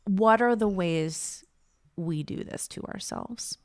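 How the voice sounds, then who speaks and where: A woman's voice: medium pitch, takes it slowly, no echo, studio quality. A woman podcast host and coach, encouraging listeners and asking herself rhetorical questions. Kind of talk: podcast interview.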